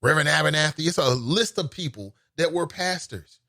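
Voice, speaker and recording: A creaky, sharp-toned male voice, fairly high and expressive, comes at a brisk pace in a studio-quality recording with no echo. Speaking with a Cincinnati accent, he hosts a call-in talk show, chatting casually and reacting to listeners with exclamations and laughs.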